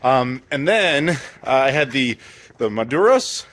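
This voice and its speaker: A man's voice: mid-range voice, big pitch swings, a little slow, a bit bright, a little hiss or hum. A man hosting a travel and food vlog, chatting casually with friends in a joking, self-mocking way. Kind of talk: casual chat.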